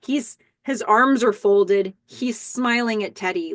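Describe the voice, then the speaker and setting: A woman's voice: mid-range voice, slow, no room sound, clean studio sound. A woman hosting a casual recap podcast, chattily walking through scenes step by step with the odd filler. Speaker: podcast host.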